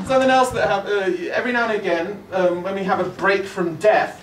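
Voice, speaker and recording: A young man doing a stand-up comedy set, rambling and swearing, jumping to loud punchlines, from England. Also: high-pitched, steady tone, fairly quick, hardly any pauses, heavy background noise. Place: comedy club stage. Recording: roomy club recording from far off. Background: audience laughter.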